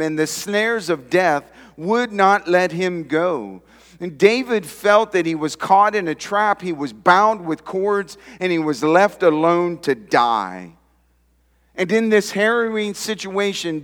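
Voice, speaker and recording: A male pastor preaching a sermon in a slightly high voice, building emphatic swells of pitch and volume. The sound carries a long reverberant tail, as in a church sanctuary. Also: a bit bright.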